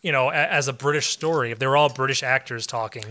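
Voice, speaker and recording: A man's voice: mid-range voice, quick pace, sharp tone. A man co-hosting a podcast, chatting casually about a film with lots of restarts and easy laughter. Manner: rambling, many restarts, laughs easily. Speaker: podcast co-host.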